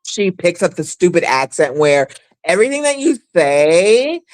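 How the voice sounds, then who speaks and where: A woman's voice: on the low side, sing-song, measured pace, no room sound, low-quality recording. A woman hosts a casual livestream, speaking frankly and rambling, often restarting her sentences. Her voice sounds close and dry, with little room sound around it. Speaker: livestream host. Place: abroad, away from home.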